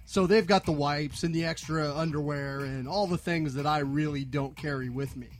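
A man's voice: fairly high pitch, normal speed, faint music behind. A man co-hosting a podcast, chatting casually with dry wisecracks. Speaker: podcast co-host. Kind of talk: casual chat.

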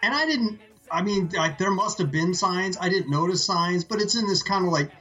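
A man with a bright, somewhat high voice trades wry jokes on a chatty podcast. His speech has a sharp, forward edge, with faint music underneath. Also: lively intonation, moderate pace, breathy edge, highs cut off. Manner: joking, wry asides. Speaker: podcast co-host. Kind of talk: casual comedic banter.

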